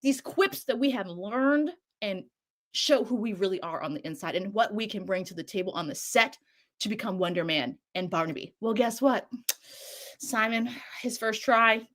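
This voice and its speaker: A woman co-hosting, recapping a show in a casual, animated way, swearing and acting out lines. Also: medium pitch, normal speed. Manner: animated, swears a lot, acts out quotes. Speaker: show co-host recapping a series.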